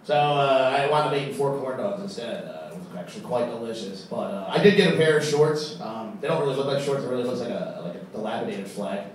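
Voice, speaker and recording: A man doing a stand-up comedy set on a club stage, deadpan and halting, with many fillers. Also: medium pitch. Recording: echoey room, far from the mic, faint crowd noise.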